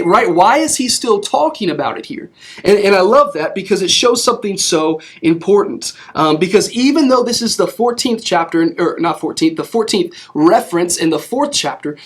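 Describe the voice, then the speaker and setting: High-voiced young man preaching casually. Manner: conversational, many restarts, asks "right?". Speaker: youth preacher. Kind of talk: casual sermon.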